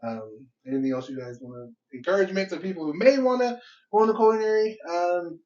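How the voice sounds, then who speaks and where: A man's voice: high voice, animated, fast talker, darkish tone, distant mic. A young man hosting a podcast in casual chat, laid-back, laughing often and swearing casually. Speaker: podcast host. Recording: dull lo-fi podcast audio.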